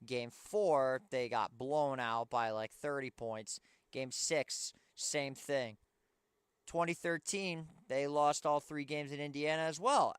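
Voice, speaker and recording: Young guy venting about his team, tired, smooth clear voice, dry close mic. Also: medium pitch, fairly bright tone, dry recording. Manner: frustrated fan ranting. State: tired, yawning. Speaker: sports show host. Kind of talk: pregame basketball commentary.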